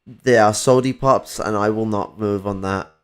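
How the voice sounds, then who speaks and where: Rambling low-voiced man. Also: steady tone, moderate pace, a little hiss or hum. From England. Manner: rambling, stumbling restarts. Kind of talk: casual chat.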